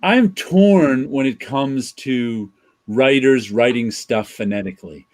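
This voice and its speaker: A man, a comic artist and co-host, chatting casually on a live show, animated and tripping over his words when worked up. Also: mid-range voice, slow pace.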